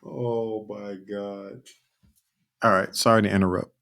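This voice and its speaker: A man's voice: fairly low pitch, little pitch movement, a little slow, gravelly, a bit bright. A man co-hosting a casual podcast, talking bluntly and emphatically with plenty of swearing. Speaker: podcast co-host. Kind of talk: casual chat.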